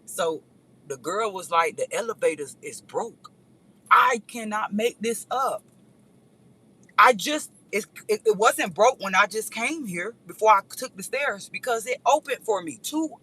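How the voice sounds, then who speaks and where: A woman's voice: on the high side, slightly rough, rough recording. A woman vlogger telling a rambling story in a casual chat, speaking straight to her viewers. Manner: animated, rambling, addresses viewers directly.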